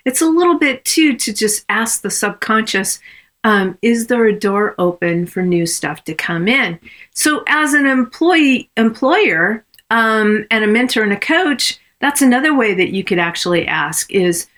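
A woman coach and consultant teaching in a podcast episode, speaking in a measured, reflective way with frequent ums. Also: fairly high pitch, animated, fairly bright tone.

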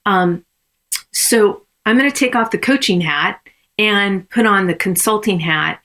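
A woman coach and consultant teaching in a podcast episode, speaking in a measured, reflective way with frequent ums. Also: mid-range voice, a bit bright.

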